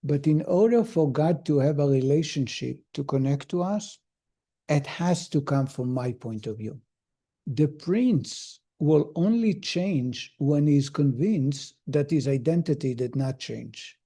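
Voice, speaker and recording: A man's voice: a little high, lively intonation, a little slow, mellow. A man, a rabbi, teaching a class in an informal, storytelling way with frequent restarts. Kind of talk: conversational lesson with a parable.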